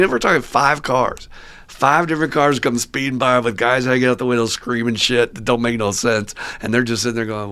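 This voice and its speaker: A man's voice: medium pitch, a bit bright. A man, hosting a podcast and telling stories in a loose, casual way, laughing often and swearing now and then. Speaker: podcast host and recovery sponsor. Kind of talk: casual storytelling chat.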